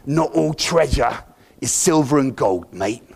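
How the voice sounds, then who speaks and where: A man's voice: medium pitch, expressive, unhurried, gravelly, breathy edge, big-room sound, pitched below the performer's own voice, exaggerated voice. A man putting on a drawling impression of a swaggering male pirate captain during a sermon.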